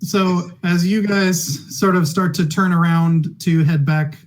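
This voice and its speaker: Slightly high-voiced male game master. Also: steady tone, takes it slowly, rough recording. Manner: rambling narration with many fillers and restarts, voicing characters. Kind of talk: narrating a tabletop game.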